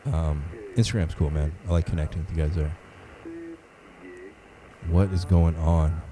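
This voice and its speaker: A deep-voiced man hosts a casual livestream chat, greeting viewers by name in a laid-back, steady way and speaking a little slowly. He seems a bit under the weather and keeps sniffling. The recording is rough, with crowd noise behind him.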